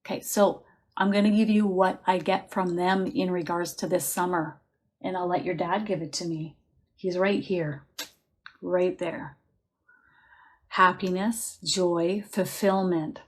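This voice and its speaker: A woman working as a psychic medium, giving a live reading in a chatty, reassuring manner with soft laughs, guiding listeners to relax and feel the answers in their bodies. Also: on the low side, steady tone, unhurried.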